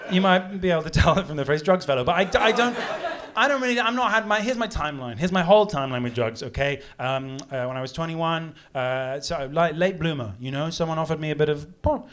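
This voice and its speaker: A man in his thirties performing a stand-up comedy set, telling stories with lively, shrill indignant outbursts. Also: moderate pace, slight background noise. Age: 30s. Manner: animated storytelling, shrill outbursts when acting indignant. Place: pub comedy room with live audience. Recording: live pub gig with crowd laughter.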